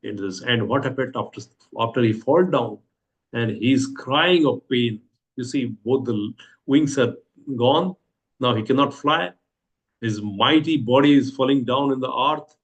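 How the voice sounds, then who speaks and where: A man's voice: mid-range voice, measured pace, muffled recording. Indian man teaching a scripture story. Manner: repeats rhetorical questions, hesitant fillers.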